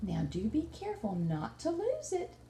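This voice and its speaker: A woman voicing a loving mother raccoon in a storybook read-aloud, speaking softly and tenderly. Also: high voice, expressive, moderate pace. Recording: roomy room with faint noise.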